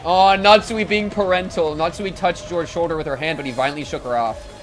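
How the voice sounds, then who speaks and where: A young man streaming a visual novel, reading the narration aloud and breaking off with slangy, excitable jokes. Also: on the high side, brisk.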